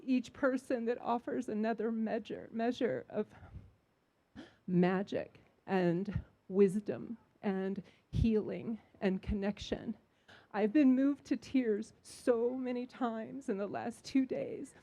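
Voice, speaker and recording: A woman's voice: a little high, slow pace, dark tone. A woman from the audience giving an emotional, earnest comment to a panel. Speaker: audience member and vendor. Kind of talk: heartfelt public comment.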